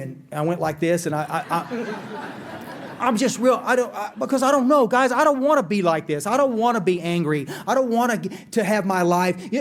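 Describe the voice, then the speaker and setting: A middle-aged man tells his recovery story with candid, self-deprecating humor. His voice sits high for a man, and he speaks straight to the people in the room. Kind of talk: recovery talk. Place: conference hall.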